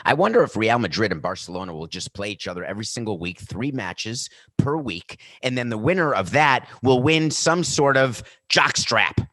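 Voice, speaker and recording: A man's voice: mid-range voice, lively intonation, moderate pace, hardly any pauses, bright, forceful tone, no room sound, studio quality. A man hosting a sports podcast, talking in a sarcastic, mocking way. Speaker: podcast host.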